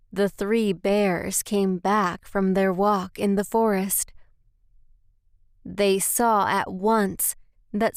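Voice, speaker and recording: A woman whose native language is Spanish, reading a children's story aloud in a slow, careful way. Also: medium pitch, smooth, no echo, studio quality.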